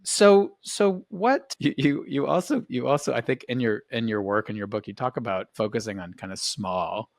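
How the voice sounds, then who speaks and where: A man's voice: mid-range voice, normal speed, vocal fry, few pauses, dry recording, studio quality. A man hosting a podcast, talking reflectively and rambling, often restarting his sentences. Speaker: podcast host. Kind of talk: casual podcast conversation.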